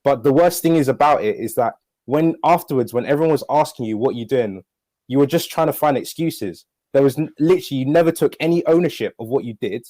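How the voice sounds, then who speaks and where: A man's voice: mid-range voice, a little fast, mellow, dry recording. A nineteen-year-old man, earnestly and indignantly calling someone out on a live-stream panel. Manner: earnest, indignant, restarts often. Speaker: panel member. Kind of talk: stream call-out.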